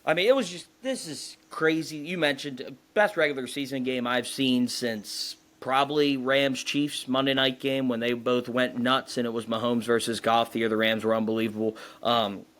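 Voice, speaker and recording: A man's voice: medium pitch, fairly even intonation, normal speed, hardly any pauses, fairly bright tone. A man co-hosting a sports podcast, chatting casually in long, rambling runs. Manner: talkative, rambling. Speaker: podcast co-host.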